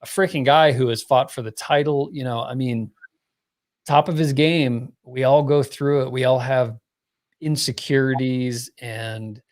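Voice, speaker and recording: A middle-aged man as a podcast guest, talking in a relaxed, rambling way with lots of fillers. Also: mid-range voice, unhurried. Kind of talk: casual podcast conversation.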